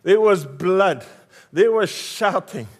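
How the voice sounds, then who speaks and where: A man's voice: sits high, animated, slow pace, breathy edge. A middle-aged South African man, a pastor, preaching a passionate sermon with emphatic repetition.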